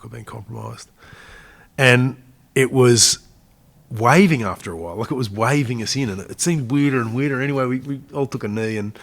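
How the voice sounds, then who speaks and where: Low-voiced Australian man telling stories. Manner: chatty, laughs through his stories. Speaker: guest, army veteran. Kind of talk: casual storytelling interview.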